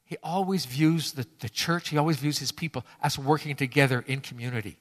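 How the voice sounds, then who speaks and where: A man's voice: medium pitch, a little fast, a bit bright, long reverb tail. A man preaching a sermon to his congregation, emphatic and fond of repeating key phrases for effect. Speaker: pastor.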